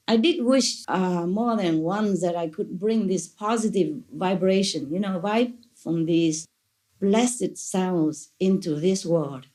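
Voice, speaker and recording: A woman's voice: on the low side, takes it slowly, a little mellow. A woman spiritual teacher answering questions at a gathering, playful and gushing, laughing often and speaking imperfect English.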